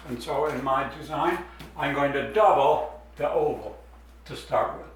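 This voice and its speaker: A man's voice: mid-range voice, measured pace, very echoey, far from the mic, poor audio. A man explaining step by step as he draws a design in a drawing demonstration. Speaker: art teacher.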